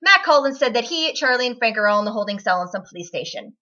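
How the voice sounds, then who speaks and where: A woman's voice: on the high side, lively intonation, quick pace, pushed and bright. A woman reading as a smug, vain grown man. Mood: dismissive. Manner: haughty, dismissive. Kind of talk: amateur read-aloud of fan fiction. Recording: dull lo-fi webcam audio.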